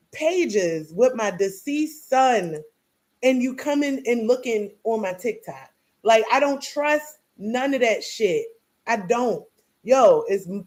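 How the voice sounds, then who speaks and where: Heated, blunt woman ranting to camera. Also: high voice. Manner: heated, blunt and profane, repeats herself. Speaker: grieving mother. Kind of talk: direct-to-camera rant.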